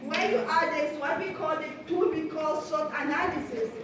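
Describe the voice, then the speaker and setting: A woman's voice: sits high, moderate pace. A woman with a French accent giving a motivational coaching talk to a live audience, calling out to the crowd and leading them in repeating phrases. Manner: energetic, calls out to the crowd and leads call-and-response. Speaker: life coach. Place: large hall with an audience. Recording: echoey hall, far from the mic, crowd and noise.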